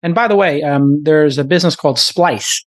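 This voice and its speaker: Animated middle-aged male podcast host. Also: on the high side, normal speed, dry recording. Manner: animated, riffing, filler-heavy. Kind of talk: casual chat.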